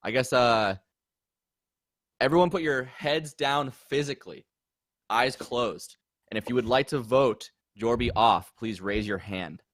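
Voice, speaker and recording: A man at an ordinary mid pitch who talks in a matter-of-fact way as he runs an online game and gives out instructions. The video-call sound is dry and close. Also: measured pace, a bit bright, no room sound. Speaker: game moderator. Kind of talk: running a party game.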